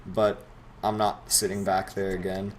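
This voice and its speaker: A teenage boy rambles through a story over a game, sarcastic and quick to swear. His voice sits on the low side. A faint hum runs behind him. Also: monotone. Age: teens. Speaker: gameplay commentator. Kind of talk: casual storytelling over gameplay.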